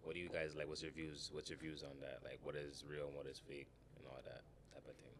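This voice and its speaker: A young man co-hosting a podcast, calmly asking questions and backing up with frequent mm-hmms. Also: very deep voice, quick pace, noisy background. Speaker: podcast co-host. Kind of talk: casual podcast chat.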